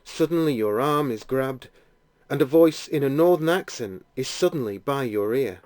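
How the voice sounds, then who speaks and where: A man narrating a guided imaginative prayer, telling the scene gently in the second person. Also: mid-range voice, animated, normal speed, no echo.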